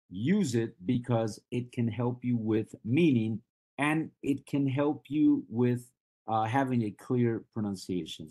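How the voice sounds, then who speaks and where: Slow, husky-voiced male English teacher. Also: mid-range voice, dark tone. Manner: patient, asks the class questions and checks understanding. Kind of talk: live online class lecture.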